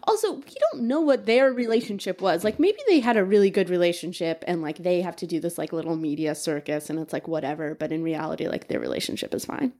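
An American woman in casual conversation, calmly reasoning her points one by one. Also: fairly low pitch, quick pace, few pauses. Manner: even-tempered, reasons point by point.

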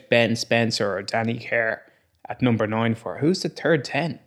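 A man's voice: medium pitch, moderate pace. A man co-hosting a podcast in casual sports chat, blunt, opinionated and sweary. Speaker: podcast co-host.

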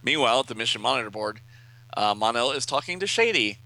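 Male host, very bright voice, lively casual comic recap. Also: medium pitch, fast, low-quality recording. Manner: animated, reads out all the dialogue and puts on voices. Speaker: podcast host reading a comic aloud. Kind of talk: casual comic read-along.

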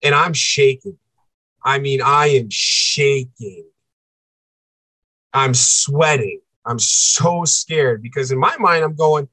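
A man's voice: mid-range voice, takes it slowly, sharp tone, dry recording. A man as a podcast guest, telling a personal story with intensity, repeating phrases and acting out what people said. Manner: intense, repeats phrases, acts out quoted dialogue.

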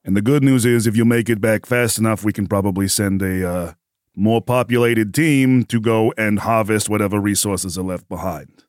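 A man running a tabletop game, voicing a bored official in a dry, deadpan way. His voice sits on the low side, close to the mic with no room sound. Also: normal speed, no echo. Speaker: game master.

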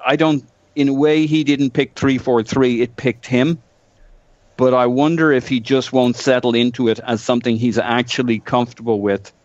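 Man, analytical, measured, podcast guest, dull dry recording. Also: medium pitch, dry recording. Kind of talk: casual chat.

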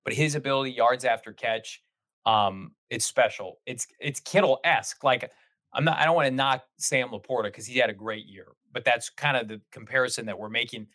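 A man in casual sports podcast chat, talking in long animated run-on stretches as a guest host. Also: mid-range voice, moderate pace, no echo.

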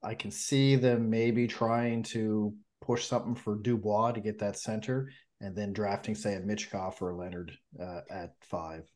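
A man co-hosting a casual podcast chat, measured and speculative. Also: on the low side, level tone, darkish tone. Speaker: podcast co-host.

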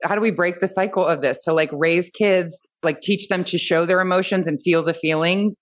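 A woman with a lower voice hosts a casual podcast conversation. She talks in an easy, chatty way and laughs often as she goes. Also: normal speed. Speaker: podcast host.

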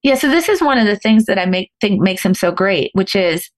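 A middle-aged woman, a podcast guest, telling a story in an animated, fast-flowing way with frequent restarts. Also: mid-range voice. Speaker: guest, former professional poker player.

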